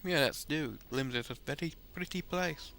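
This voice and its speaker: A man chatting casually while he plays, quick to poke fun at himself. His voice is bright and clear, with game music playing faintly behind. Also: on the high side. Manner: chatty and self-deprecating. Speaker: gameplay commentator. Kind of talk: casual let's-play commentary.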